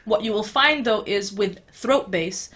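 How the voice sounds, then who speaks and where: In a relaxed online tutorial, a beatboxing teacher reassures learners in a steady, encouraging tone. Her voice is mid-range and her pace measured, and she speaks easily with a few fillers.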